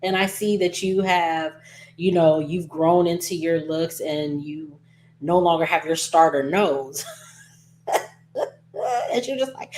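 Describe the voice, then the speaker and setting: A woman's voice: lowish voice, slow, pauses often, a little mellow, slight background noise. A woman casually recapping a soap opera episode, chatty and gossipy, acting out lines and laughing as she goes.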